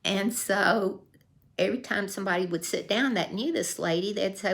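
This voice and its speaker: A woman's voice: medium pitch, normal speed, vocal fry, a bit bright. An older woman telling a folksy true story in a casual vlog, acting out the voices she quotes. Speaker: vlogger.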